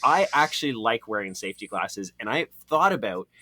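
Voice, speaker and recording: A man co-hosting a podcast as a blacksmith, chatting in a relaxed, rambling, joking way. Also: lowish voice, a little fast. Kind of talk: casual chat.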